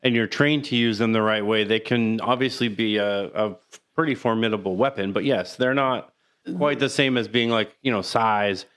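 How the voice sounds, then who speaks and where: A man's voice: fairly low pitch, moderate pace, fairly bright tone, clean tone. A man co-hosting a casual podcast who talks hesitantly and often restarts his sentences. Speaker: podcast co-host.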